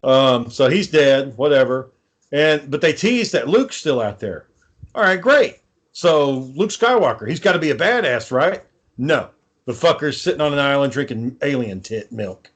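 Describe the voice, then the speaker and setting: A man's voice: mid-range voice, lively intonation, normal speed. A man co-hosting a casual podcast chat, ranting with lots of swearing and sarcasm. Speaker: podcast co-host.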